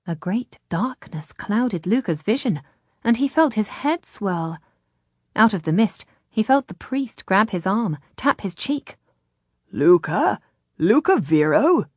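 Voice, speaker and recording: A woman narrating an audiobook in a measured, unhurried reading, voicing the characters' dialogue. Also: mid-range voice, expressive, darkish tone, no room sound, clean studio sound.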